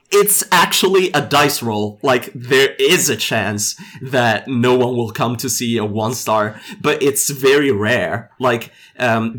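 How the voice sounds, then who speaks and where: A man's voice: medium pitch, fairly bright tone. A male game developer chatting casually in an interview, hesitant, with many fillers and restarts. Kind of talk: casual chat.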